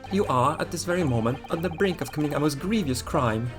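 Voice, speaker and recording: A man's voice: on the high side, expressive, quick pace, pitched above the performer's own voice, lightly acted. A man voicing a pompous male detective in a theatrical, grandiose way. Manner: theatrical, grandiose, stumbling over words. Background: game music.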